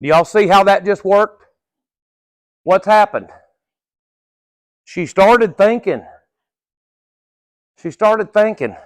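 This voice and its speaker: High-voiced, unhurried folksy horse trainer man. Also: lively intonation, no echo. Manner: folksy, coaching, casual swearing. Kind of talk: live training-session instruction.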